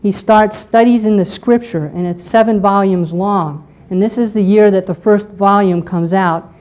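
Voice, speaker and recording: A woman teaching a history lesson to a class, explaining step by step and often pausing to check in with "okay". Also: mid-range voice, fairly even intonation, a little mellow. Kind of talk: lecture on church history.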